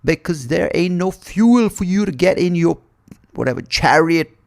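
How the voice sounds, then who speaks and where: A man's voice: a little high, animated, normal speed, creaky, darkish tone, voice pushed up. A man voicing a ten-headed male demon king who talks in casual slang and pleads. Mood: pleading.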